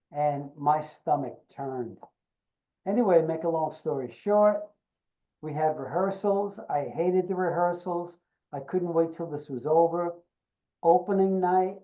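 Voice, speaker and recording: An older man, an actor being interviewed, tells an anecdote with animated delivery and acts out the dialogue. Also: on the high side, dull audio. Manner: animated storyteller acting out quoted dialogue. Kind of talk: storytelling anecdote.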